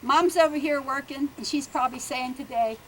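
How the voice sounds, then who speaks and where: A woman's voice: sits high, fairly quick, a little hiss or hum, low-quality recording. An older woman speaking outdoors at a garden ceremony, chatty and laughing, often tagging "huh?" onto her sentences. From Bellevue, Pennsylvania. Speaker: family speaker at a land dedication. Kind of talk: ceremony speech, storytelling.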